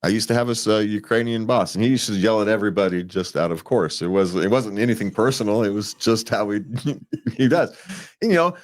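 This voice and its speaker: A man's voice: on the low side, expressive, a little fast. A man co-hosting a relationship advice show, talking casually, rambling with restarts and frequent chuckles. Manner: rambling, restarts and repeats words, chuckles often.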